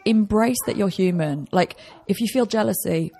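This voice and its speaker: A woman's voice: mid-range voice, normal speed, gravelly, dark tone. A British woman chatting casually as a podcast guest, rambling and self-deprecating, with frequent laughs. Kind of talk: casual chat.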